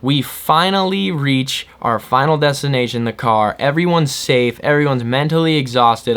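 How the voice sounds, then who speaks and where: A man vlogger animatedly retelling a scary adventure in a casual, excitable way. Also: mid-range voice. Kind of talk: casual storytelling.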